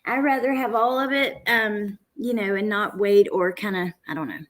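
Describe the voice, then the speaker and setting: A woman's voice: medium pitch, fairly even intonation, moderate pace. Chatty woman hosting a livestream. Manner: chatty, greets viewers by name, many fillers. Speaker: true crime livestream host. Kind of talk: casual livestream chat. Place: at home, indoors. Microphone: computer camera setup for a livestream.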